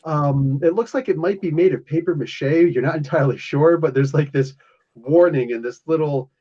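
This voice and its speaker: A man from New Jersey runs a tabletop game as game master, rambling and chuckling through his narration. His voice sits a little high yet sounds dark and mellow. The recording is dull and lo-fi. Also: normal speed.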